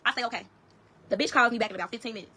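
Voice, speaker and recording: A woman telling her own story to viewers in a rapid, heated, profane way. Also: fairly high pitch, bright, forceful tone, a little hiss or hum. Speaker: storyteller in a social media clip.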